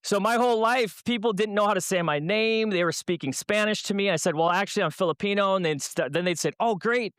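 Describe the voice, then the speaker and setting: A man's voice: high voice, fast talker, hardly any pauses, a bit bright, smooth, no room sound. Man, guest speaker, humorous church talk, rhetorical questions, dry close sound, resonant voice. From Minnesota, USA. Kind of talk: youth talk at a church event.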